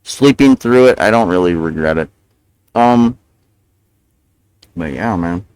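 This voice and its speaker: A man's voice: deep voice, expressive, slow, a little mellow, clean tone, dry recording, rough recording. Profane, rambling livestreaming man. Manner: ranting, profane, self-justifying; mumbling with mouth full while eating. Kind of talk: casual rambling stream talk.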